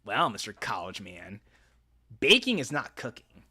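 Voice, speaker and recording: A man reading the lines of a sharp-tongued teenage girl in a visual novel, with snappy, playful teasing. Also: fairly low pitch, wildly swooping pitch, unhurried, husky, pitched below the performer's own voice, full character voice.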